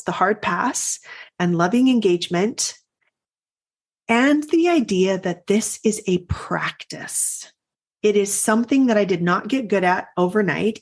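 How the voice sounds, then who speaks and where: A middle-aged woman hosting a coaching podcast, telling a personal story in an earnest, reflective way with pauses and restarts. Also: medium pitch. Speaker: life coach and podcast host.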